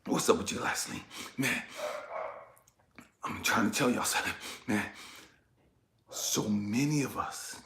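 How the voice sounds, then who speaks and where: A man giving an impassioned personal testimony, swinging between hushed whispers and shouted pleas, raw and tearful, swearing freely. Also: on the low side, unhurried, creaky, long pauses, reverberant. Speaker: spiritual vlogger.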